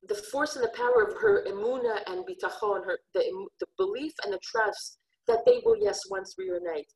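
A woman's voice: a little high, gravelly, poor audio. A woman giving an earnest, heartfelt religious lesson on scripture. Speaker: Torah teacher.

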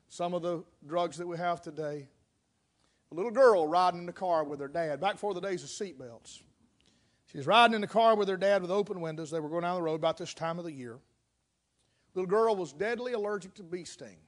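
A high-voiced male preacher giving a sermon. He tells his illustration with drama, building to loud, fast passages and dropping to near-whispers. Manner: dramatic storytelling, swings between loud and hushed.

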